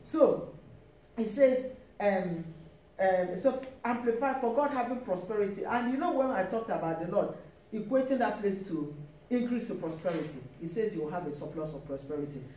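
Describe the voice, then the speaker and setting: Animated and dark-toned, a woman with a mid-range voice preaches at normal speed, hammering home key phrases and often calling out praise. The recording comes from a distant mic in an echoey church hall, with faint hiss.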